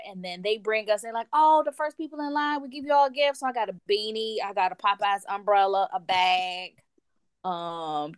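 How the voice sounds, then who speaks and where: A woman telling a long story in an animated, casual way, and she acts out other people's lines in playful voices. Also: mid-range voice, clear, resonant tone, dry recording, clean studio sound. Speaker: guest storyteller. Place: lives in France.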